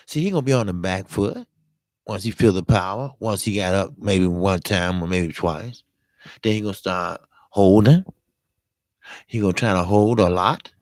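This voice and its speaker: A man hosting a live-streamed boxing talk show, hoarse from talking all day, giving blunt, emphatic and profane commentary while greeting viewers. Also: sits low, moderate pace, no echo.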